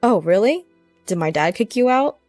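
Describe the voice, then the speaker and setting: A man's voice: high-pitched, big pitch swings, normal speed, a little mellow, dry recording, soft background music. Runaway husband, bewildered and pleading, read by a female narrator. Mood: panicked. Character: panicked runaway husband, adult man.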